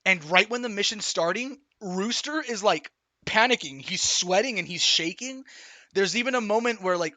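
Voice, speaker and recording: A man streaming, recapping a film in an excited, rambling way, swearing often and restarting sentences. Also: high voice, normal speed, no room sound. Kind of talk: excited casual movie recap.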